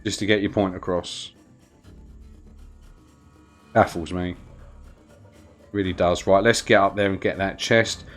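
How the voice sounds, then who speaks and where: A man with a London accent chats his way through a live gaming stream, rambling between gameplay and greetings to his viewers. His voice sits fairly low. Faint music plays underneath. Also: fairly even intonation, measured pace, pauses often. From London, England. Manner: chatty, rambling, greets chat viewers while playing.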